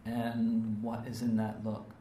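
This sermon comes from a man with a fairly low, mellow voice, delivered slowly and completely flat, yet described as earnest and emphatic, with frequent "right?" and "okay?" rhetorical check-ins. The distant mic captures a roomy space, faint ambience, and slight background noise.

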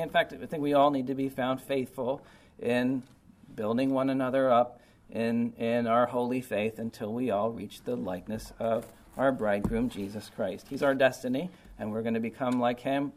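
A man preaching a sermon in an informal, conversational way, often checking in with "okay" and "right". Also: mid-range voice. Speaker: pastor.

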